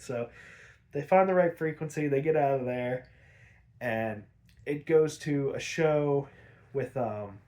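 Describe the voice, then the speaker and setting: Dude recapping cartoon episodes, kinda high voice, swears a lot, laughs, sarcastic. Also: male voice, slow pace, long pauses, dark tone. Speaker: podcast host.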